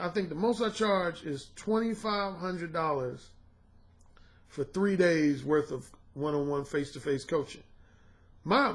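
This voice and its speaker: High, lively-voiced dating coach ranting. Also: male voice. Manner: slangy, profane and emphatic; talks straight to the audience. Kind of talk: casual monologue to camera.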